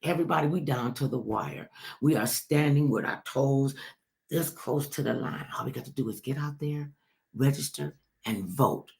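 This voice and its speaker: A woman's voice: very deep voice, moderate pace, gravelly, a little mellow. Emphatic woman host ranting on politics. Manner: emphatic, repetitive, direct address to listeners. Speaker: talk show host. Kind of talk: political commentary monologue.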